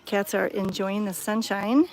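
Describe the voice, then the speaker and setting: A woman films a casual walking vlog at a cat sanctuary on a handheld phone, sounding bubbly and enthusiastic outdoors. Her medium-pitched voice is steady, unhurried, and a little mellow.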